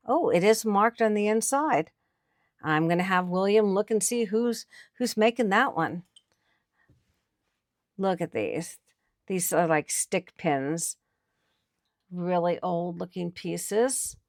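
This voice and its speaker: Woman vlog host, slow and low-pitched, chatty and excited, dry close sound. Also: no echo. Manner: chatty and enthusiastic, showing items to viewers. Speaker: antiques picker and channel host. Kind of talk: casual on-camera commentary. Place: indoors at an estate sale.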